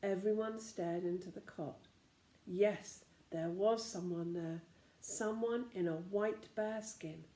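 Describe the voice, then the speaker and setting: A woman narrating a children's storybook aloud with an expressive reading manner. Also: lowish voice, slow pace. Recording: roomy echo.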